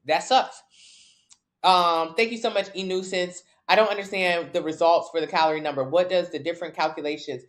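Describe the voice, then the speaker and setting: A woman's voice: fairly low pitch, fairly even intonation, brisk. Blunt, brash fitness coach woman. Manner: blunt, brash and jokey, with casual slang and swearing. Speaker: fitness coach answering live chat questions. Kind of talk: casual livestream Q&A.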